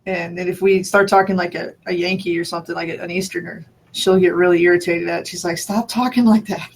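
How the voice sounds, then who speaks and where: A man from New Mexico with a notably high speaking voice. He chats casually and rambles, thinking aloud, restarting sentences and breaking into short laughs. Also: completely flat delivery, fast talker, creaky, slight background noise. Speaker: conversation partner. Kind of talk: casual chat.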